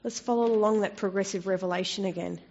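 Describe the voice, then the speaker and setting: A woman preaching a sermon in a conversational way, turning expressive when she quotes scripture. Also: medium pitch, quick pace. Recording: dull lo-fi recording.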